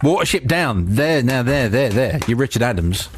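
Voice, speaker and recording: A man's voice: mid-range voice, animated, normal speed, breathy edge, no echo. A man hosting a casual radio interview, rambling with restarts and chuckles. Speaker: radio host. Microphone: studio microphone.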